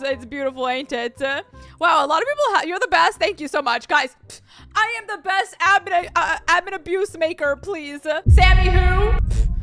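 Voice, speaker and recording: A young woman hosts her own gaming video, chatting casually with viewers as she plays. Her voice sits very high and sounds bright and sparkly. She is bubbly and excitable, with frequent gasps and giggles. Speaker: gaming YouTuber. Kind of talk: casual gameplay commentary.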